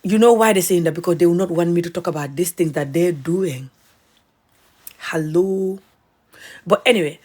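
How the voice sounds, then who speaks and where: Woman ranting at the camera, pushy and repetitive, hammers every point. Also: low-pitched. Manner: forceful, repetitive, emphatic. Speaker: motivational speaker and comedian. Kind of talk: impassioned social media rant.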